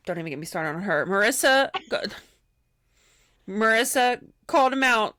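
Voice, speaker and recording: A woman's voice: on the high side, animated, moderate pace, pushed and bright, no room sound, studio quality. A woman co-hosting a podcast, chatting casually and acting out other people's lines as she tells a story. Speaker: podcast co-host. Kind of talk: casual chat recapping a reality show.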